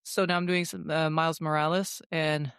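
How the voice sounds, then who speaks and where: A woman with a fairly low voice is co-hosting a casual podcast. She tells stories in a chatty, animated way, full of ums and asides. Her voice is close and dry, with no room sound. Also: normal speed, clear, resonant tone, no echo. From French Canada. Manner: chatty and animated, with many fillers. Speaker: podcast co-host.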